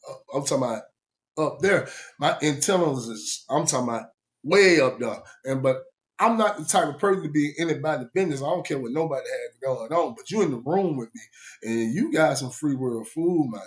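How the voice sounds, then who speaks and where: Animated man telling a prison story. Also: a little fast. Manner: animated, laughs often, voice jumps high when quoting himself. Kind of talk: casual storytelling.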